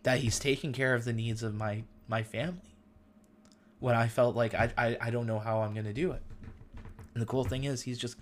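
A man's voice: medium pitch, steady tone, brisk, slight background noise. Man, middle-aged, host, casual faith talk, earnest, emotional, slangy.

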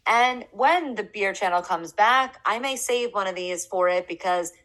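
A woman's voice: medium pitch, moderate pace, fairly bright tone, poor audio. Chatty woman podcast co-host. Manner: chatty, drinking beer while talking, jokes around with accents. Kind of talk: casual chat.

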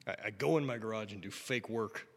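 Man, low-pitched, relaxed swearing storyteller; room with long reverb. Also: fairly quick, creaky. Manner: profane, laughing storyteller. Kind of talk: casual chat.

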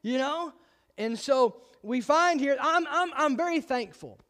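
A pastor preaching a sermon with emphatic, insistent delivery and frequent repeated restarts. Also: male voice, very high-pitched, lively intonation, unhurried, a bit bright.

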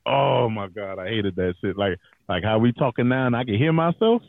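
A man hosting a podcast in casual chat, slangy and profane, with a radio-style voice and quick laughs. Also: lowish voice, animated, vocal fry, no echo, narrow, tinny audio. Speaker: podcast host.

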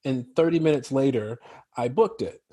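A man from Chicago with an American accent, chatting casually as an actor guest in an interview, animated and laughing often as he tells stories. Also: medium pitch, normal speed, breathy edge, dry recording. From Chicago, United States.

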